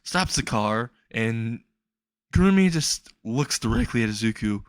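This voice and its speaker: A man's voice: mid-range voice, expressive, measured pace, smooth, no room sound, studio quality. A young man improvising a comedic fan story, rambling and laughing at his own jokes.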